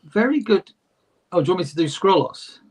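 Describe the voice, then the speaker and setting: A man with a high, slightly rough voice co-hosts a podcast, speaking a little fast and very animated. He chats casually, reads fan letters aloud, tosses in jokey asides, and laughs often.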